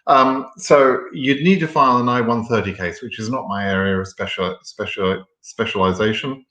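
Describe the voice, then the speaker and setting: A man with a fairly low voice hosts a live question and answer session, reading out viewer questions and answering them bluntly. He talks frankly and fills his sentences with ums and restarts. The sound is roomy, with a noticeable echo. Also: normal speed, bright, forceful tone. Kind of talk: live Q&A stream.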